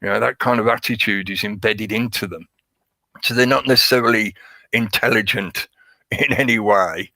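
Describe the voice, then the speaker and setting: A man's voice: fairly low pitch, moderate pace, sharp tone, no echo. A man hosting a live stream, rambling casually and sarcastically, laughing often.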